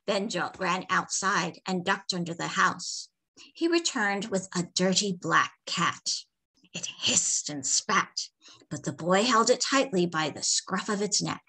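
Woman storyteller, bright tone, lively melody, unhurried reading. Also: lowish voice, slightly rough. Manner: expressive, measured reading. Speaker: author reading her story. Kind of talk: storytelling read-aloud.

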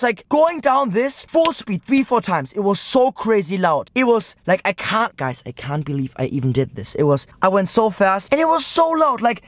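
A young man vlogging from a car at night, rambling through an excited story full of "like" and "guys". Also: high-pitched, no echo, studio quality. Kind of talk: excited vlog recap to camera.

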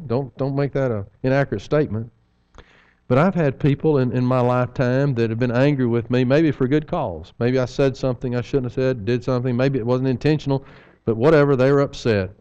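Man preaching with a smooth, resonant voice. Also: mid-range voice, darkish tone, dull audio. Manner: folksy, with rhetorical questions and humorous asides. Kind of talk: evening sermon. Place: church.

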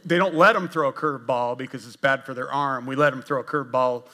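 Bright-voiced man preaching a jokey sermon. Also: medium pitch, quick pace. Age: older. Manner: jokey, self-deprecating, animated with asides to the congregation. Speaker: executive pastor. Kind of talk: conversational sermon. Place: church sanctuary.

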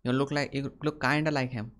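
A man's voice: medium pitch, level tone, a little fast, fairly bright tone. Teasing Indian man on a video chat. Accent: Indian English. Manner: teasing, blunt questions. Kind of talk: casual chat with strangers. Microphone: video call.

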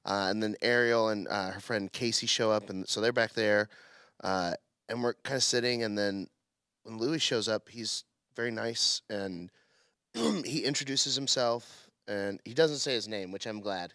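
Animated male comedian telling stories. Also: fairly low pitch, a little slow, dry recording. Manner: animated storyteller, acts out quotes. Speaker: podcast host and comedian. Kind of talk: casual storytelling.

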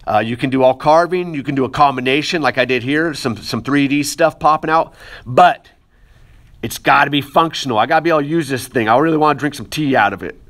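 A man's voice: medium pitch, fairly bright tone. A man in the middle of a hands-on pottery lesson, talking students through each step as he works the clay. His delivery is casual and chatty, with playful asides thrown in between the instructions. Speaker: art teacher.

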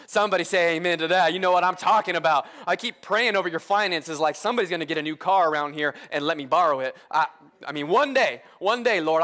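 A young man preaches in church with a high, bright-sounding voice. He tells funny family stories in an animated way and throws lively call-outs to the congregation. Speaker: pastor. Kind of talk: humorous sermon. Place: church service with live congregation.

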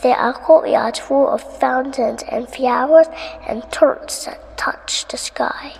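A woman's voice: sits high, takes it slowly, vocal fry, a little mellow, breathy edge, in a whisper, in a large hall, heavily acted, low-quality recording. A woman voicing an earnest, determined young prince in a storybook read-aloud. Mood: proud. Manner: earnest, calling out.

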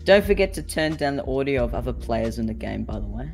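A woman's voice: very deep voice, animated, fast, a little mellow, soft background music. A woman co-hosting a game stream, chatting casually and teasing her friend with mock insults. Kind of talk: casual gaming stream chat.

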